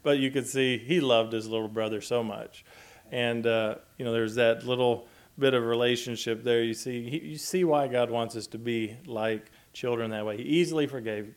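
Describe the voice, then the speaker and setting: A man preaching a sermon in a gentle, conversational way, chuckling often as he talks. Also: mid-range voice, fairly even intonation, moderate pace. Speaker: pastor.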